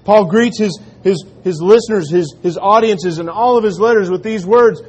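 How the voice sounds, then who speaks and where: Earnest high-voiced preaching man. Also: moderate pace, few pauses, slightly rough. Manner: earnest preaching, dropping to quiet emphatic lines. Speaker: pastor. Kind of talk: sermon.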